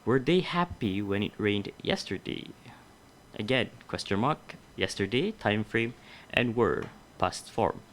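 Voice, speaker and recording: A man's voice: lowish voice, lively intonation, measured pace, a bit bright, slight background noise. A young adult man teaching a grammar lesson, explaining methodically step by step and correcting himself along the way.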